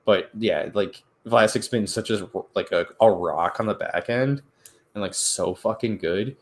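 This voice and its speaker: A man co-hosts a sports podcast in a slightly low voice. He tells stories with energy, jumping up high when he acts out what others said, in loose, casual chat. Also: a little slow. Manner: animated storytelling, acts out quotes in a high voice. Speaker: podcast co-host.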